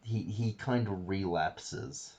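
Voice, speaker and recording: A man's voice: fairly low pitch, slow pace, a little mellow. A man hosting a podcast, casually retelling a story in a rambling way with fillers and the odd swear word. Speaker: podcast host.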